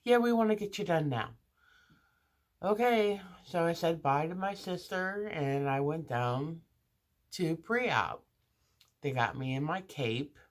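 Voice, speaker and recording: A low-pitched woman vlogger tells a casual story as a chatty monologue, restarting and adding asides while acting out the other people involved.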